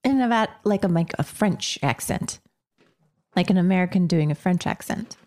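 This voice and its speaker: A middle-aged woman co-hosting a casual chat, chatty and quick to laugh. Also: on the low side, animated, warm tone. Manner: chatty, laughing often, with fillers and restarts. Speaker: podcast co-host.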